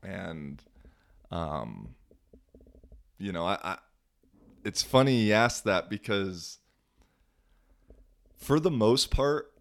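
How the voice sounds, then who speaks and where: A man's voice: low voice, expressive, very slow, vocal fry, long pauses. A young man hosting a podcast, telling stories in a casual, slangy way with lots of filler words. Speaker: podcast host. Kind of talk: casual storytelling monologue.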